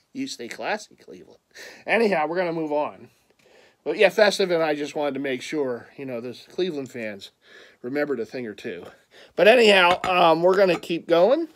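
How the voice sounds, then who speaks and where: With a Philadelphia accent, a vlogger from that area discusses his purchases in a fairly high, expressive voice at normal speed. It's a casual, rambling chat marked by stammered restarts and playful ribbing.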